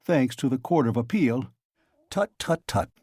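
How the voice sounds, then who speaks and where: A man's voice: medium pitch, expressive, measured pace, warm tone, husky, dry recording, clean studio sound. A man reading aloud and voicing a sly, genial male magistrate who coaxes and teases with mock friendliness. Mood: coaxing. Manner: coaxing, insinuating, mock-friendly.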